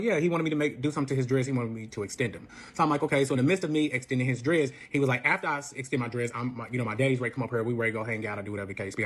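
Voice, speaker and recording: A man retelling a messy relationship story in casual speech, animated and profane, acting out every quote. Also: mid-range voice, breathy edge. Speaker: storyteller guest.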